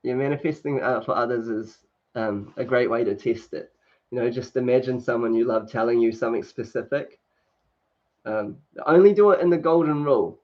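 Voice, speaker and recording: Man, casual livestream chat, laughs a lot, mid pitch, muffled lo-fi sound. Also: moderate pace. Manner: chatty, laughs often, many fillers. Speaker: livestream host. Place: indoors at home, sunny. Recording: dull lo-fi stream audio.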